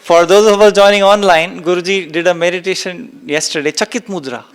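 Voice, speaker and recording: A spiritual teacher with a high voice speaks fairly quickly in a steady tone to an audience both live and online, with slight hiss or hum in the audio. He talks emphatically, repeating key phrases and acting out exclamations.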